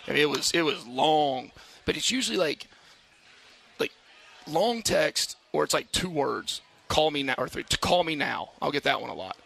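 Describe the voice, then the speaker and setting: A man talks like a coach on a live radio show, his gravelly voice bright and forward. He stops and restarts often and fills gaps with "you know". When he tells a story he picks up and gets lively. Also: on the high side. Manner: halting, many fillers and restarts, animated when telling stories. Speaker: head football coach. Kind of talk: casual radio interview. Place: outdoor brewery patio at a live radio show.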